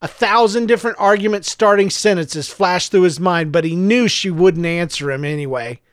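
Higher-voiced man narrating an audiobook. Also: clean tone, no echo, clean studio sound. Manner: even, measured storytelling. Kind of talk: scripted narration.

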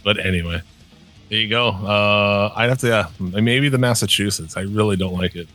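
A man's voice: lowish voice, moderate pace, bright, forceful tone, soft background music. A man from the upper Midwest co-hosting a podcast, talking in a profane, rambling, casual way. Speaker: podcast co-host. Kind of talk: casual chat.

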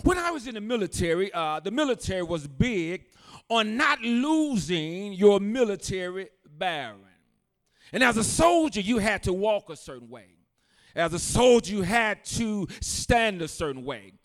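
A man with a notably high voice delivers a sermon as a pastor. He tells a story in an easy way and then lifts into forceful, emphatic preaching. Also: big pitch swings, measured pace.

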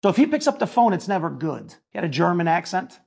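A man's voice: high-pitched, very animated, fast talker, vocal fry, breathy edge. Emphatic man telling his own story. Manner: emphatic, builds to near shouting. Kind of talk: personal storytelling lecture.

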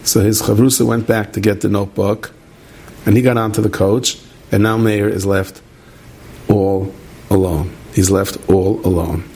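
A man telling a story in an animated way, repeating phrases for effect. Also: fairly low pitch, normal speed, slight background noise. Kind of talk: spoken storytelling.

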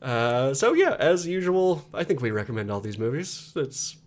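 Lively laughing male podcast co-host. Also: mid-range voice, moderate pace. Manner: laughs often, lively sign-off. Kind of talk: casual podcast chat.

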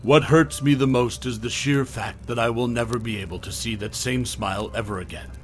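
A man narrating a horror story in a soft, hushed storytelling voice, often trailing off low at the ends of lines. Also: a little fast.

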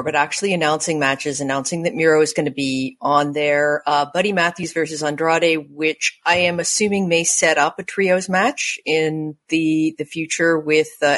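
A woman from Montreal, a podcast co-host, talking in a wry, chatty, self-deprecating way. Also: sits low. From Montreal, Canada. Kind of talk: casual podcast chat.

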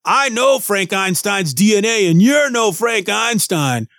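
A scrappy little robot barks, his voice pitched up high and lively. He talks tough street slang, bossy and ready to fight, as a man puts him on. The sound is dry and close. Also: unhurried, no echo, faint music behind, heavily acted. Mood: angry. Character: small tough-talking male toy robot.

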